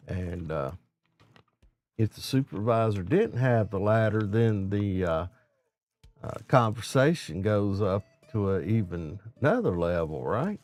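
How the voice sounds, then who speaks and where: Slow, easygoing man with lively pitch. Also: soft background music. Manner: folksy, rambling storytelling with quoted dialogue. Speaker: live stream host, safety supervisor. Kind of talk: casual monologue.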